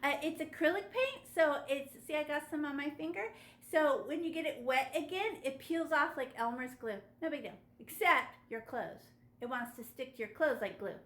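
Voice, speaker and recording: A woman teaching children a step-by-step painting lesson over a video call, animated and coaxing. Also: high voice, moderate pace, few pauses, echoey room. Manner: animated, gasping with delight, coaxing young kids. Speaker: art teacher.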